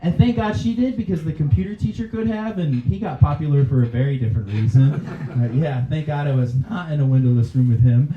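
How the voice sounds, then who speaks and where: A man's voice: on the high side, a little fast, few pauses, slight background noise. A male stand-up comedian on a club stage who chats with the crowd and laughs at his own jokes. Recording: dull, roomy live club recording. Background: faint audience laughter.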